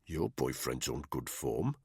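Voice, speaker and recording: A shifty, wary soldier who talks low and mutters, as a male narrator plays him. The voice is very deep and husky, and it stays close and dry. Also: huge pitch swings, unhurried, no echo, heavily acted. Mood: hushed.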